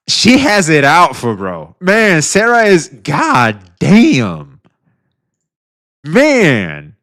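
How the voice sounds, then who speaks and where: A man's voice: on the high side, wildly swooping pitch, slow pace, fairly bright tone. A man streaming live, casually reacting to a clip, laid-back, swearing and laughing a lot.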